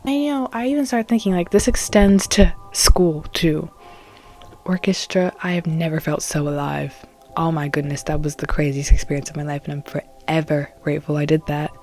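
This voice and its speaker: Young woman musician, late teens, low-pitched and mellow, animated vlog chatter. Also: normal speed. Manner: animated, dramatic and candid. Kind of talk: casual vlog talk.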